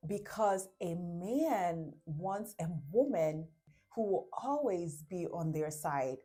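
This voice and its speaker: Lowish-voiced woman giving relationship advice. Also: expressive, slow, warm tone, slightly rough. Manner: explains with examples and acts out quotes, often tags "right?". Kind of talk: casual advice talk to camera.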